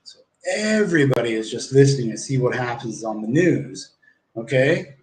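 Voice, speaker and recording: Man, mid-pitch, rambling foul-mouthed livestream storyteller, roomy echo. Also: lively intonation, normal speed, a little mellow, slight background noise. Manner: rambling, profane, acts out quoted exchanges. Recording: echoey room.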